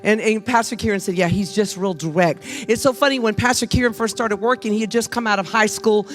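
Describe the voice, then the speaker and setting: An older woman preaching a Mother's Day sermon in church, humorous and lively, calling on the congregation to answer back. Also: on the high side, fast, faint music behind. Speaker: guest preacher. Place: church sanctuary.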